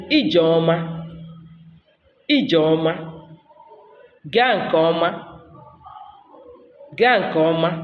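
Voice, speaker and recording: A man with an Igbo accent giving a spoken Igbo language lesson, repeating each word slowly and switching between Igbo and English. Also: sits high. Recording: echoey room with long reverb.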